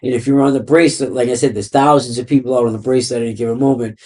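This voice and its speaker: This Boston-area podcast guest races through his story in a medium-pitched, warm voice with fairly even intonation. The casual interview storytelling is rambling and profane, packed with "like" and "you know."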